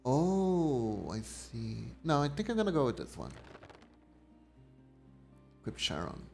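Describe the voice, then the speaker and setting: A man's voice: medium pitch, huge pitch swings, slow, creaky, a little mellow. A young man streaming a game, musing to himself and reading the game text aloud. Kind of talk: casual game commentary. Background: faint game music.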